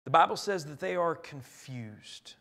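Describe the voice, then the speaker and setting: A man preaching a sermon in a church, earnest and emphatic, swinging between loud and quiet. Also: a little high, animated, unhurried, creaky. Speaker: pastor. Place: church sanctuary.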